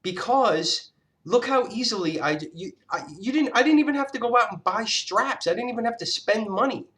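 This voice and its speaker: With a very high, fairly bright voice and animated delivery at a moderate pace, this vlogger tells a personal story as a casual monologue. It comes out as a scattered, furious, foul-mouthed rant in which he keeps restarting his sentences.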